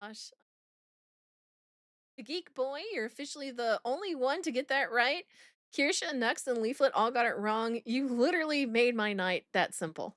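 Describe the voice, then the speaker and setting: A woman's voice: fairly high pitch, lively intonation, moderate pace, fairly bright tone, no room sound, studio quality. A woman streamer chatting through a game reaction in a blunt, profane, giggly way.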